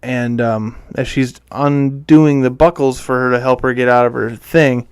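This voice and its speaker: A man co-hosting a horror podcast, casually recapping a film and acting out the characters' lines in quick quotes. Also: mid-range voice, steady tone, clean tone, dry recording. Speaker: podcast co-host. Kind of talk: casual movie recap chat.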